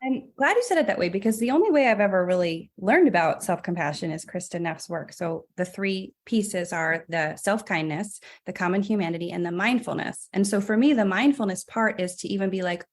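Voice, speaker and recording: A woman's voice: medium pitch, animated, brisk, hardly any pauses. Chatty, reflective woman guest. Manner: reflective, chatty, laughs often, says like a lot. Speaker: physician guest. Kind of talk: casual podcast conversation.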